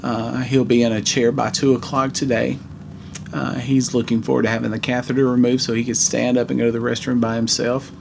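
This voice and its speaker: A man in his forties telling a heartfelt personal story in a vlog, earnest and halting. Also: mid-range voice, level tone, vocal fry, noisy background. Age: 40s. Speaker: vlogger.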